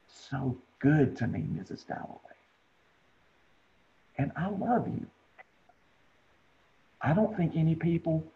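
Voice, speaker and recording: A man's voice: on the high side, gravelly. A man playing a worn-out dying man, tinny. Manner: soft, halting, half-whispered. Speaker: acting student. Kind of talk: dramatic monologue over video call. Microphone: video call. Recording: tinny video call audio.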